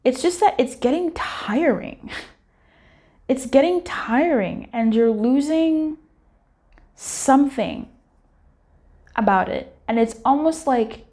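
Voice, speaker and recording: A woman's voice: sits high, lively intonation, takes it slowly, pauses often, dark tone. A young woman giving a casual tarot reading, candid and chatty, swearing and laughing as she talks straight to her viewers. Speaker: tarot reader.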